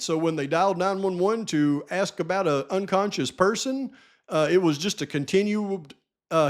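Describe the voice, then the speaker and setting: A man hosting a true-crime commentary channel, firing off indignant rhetorical questions. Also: high-pitched. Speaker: host.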